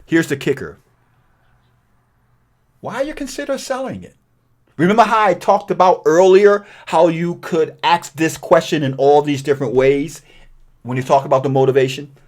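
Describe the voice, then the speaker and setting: A middle-aged man teaching a cold calling script in an energetic, emphatic way, sometimes acting out sample lines for callers. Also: mid-range voice, a little fast. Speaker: real estate investing coach. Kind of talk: training video walkthrough.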